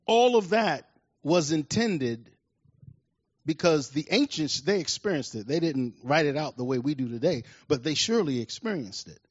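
A man preaching a sermon in an animated way, rising loud and high as he tells stories. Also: moderate pace, husky, no room sound, highs cut off. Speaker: pastor.

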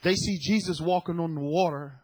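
Male preacher, sermon, raspy voice, fairly high pitch, dramatic storytelling, repeats lines for emphasis. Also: brisk. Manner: emphatic, repeats key phrases for effect; dramatic storytelling with sudden loud peaks.

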